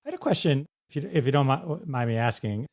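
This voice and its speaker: A man's voice: mid-range voice, expressive, quick pace, a little mellow. A male podcast host with a mid-range voice asks questions in a casual, eager way. His speech is loose and full of "like" as he works toward his point. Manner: eager, leans on "like" as a filler. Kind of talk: casual interview chat.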